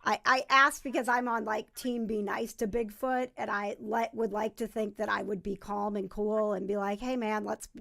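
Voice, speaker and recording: A woman's voice: mid-range voice, little pitch movement, moderate pace, creaky, few pauses, fairly bright tone. A woman hosting a show, chatting playfully and laughing often. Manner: giggly, playful. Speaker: host. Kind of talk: casual chat.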